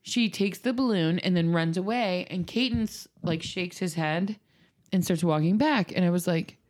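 A woman in her thirties with a slightly low voice, telling a story in casual podcast chat. She talks in an animated, dramatic way and stacks up fillers and restarts as she goes. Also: normal speed.

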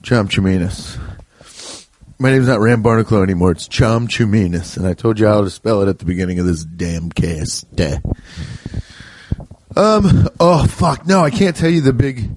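A young adult man hosting a podcast alone, telling rambling, profane, joking stories and putting on quick voices for the people in them. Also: on the low side, animated. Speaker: podcast host. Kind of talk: casual rambling monologue.

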